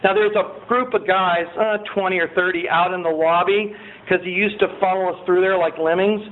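A man sharing his recovery story as a personal testimony. He talks in an animated way with many fillers and raises his voice as he relives the scenes. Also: sits high, brisk. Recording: tinny phone-like sound with faint noise.

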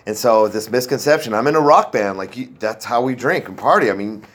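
A man's voice: mid-range voice, a little fast, a bit bright. A man telling his own recovery story in a casual, rambling way, self-deprecating and full of fillers and restarts. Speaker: speaker sharing a recovery story. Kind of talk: casual personal testimony.

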